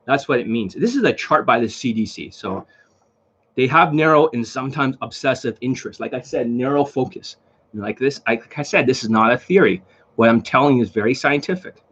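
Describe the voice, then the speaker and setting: A man's voice: mid-range voice, expressive, fairly quick, a bit bright, breathy edge, dull audio. A man talking casually to camera as a dating coach, blunt and repetitive, lecturing in a home video. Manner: blunt, repetitive, lecturing, swears under his breath.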